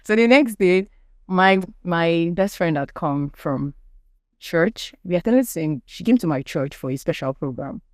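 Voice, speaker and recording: A woman's voice: lowish voice, expressive, a little slow, no echo. Young Nigerian woman, podcast guest, earnest testimony, dry close sound. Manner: earnest storytelling, acts out quoted people. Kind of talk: personal testimony in conversation.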